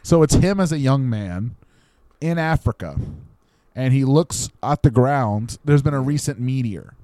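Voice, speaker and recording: A young man telling a playful made-up story to his podcast co-host. His voice sits at an ordinary middle pitch and is recorded dry and close, with no room sound. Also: expressive, a little slow, warm tone, no room sound. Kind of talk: casual comedic chat.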